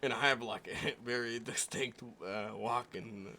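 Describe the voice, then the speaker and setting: A man's voice: medium pitch, unhurried, noisy background. A man streaming a western roleplay game, chatting casually, laughing often and swearing freely. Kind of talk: casual chat while playing a roleplay game.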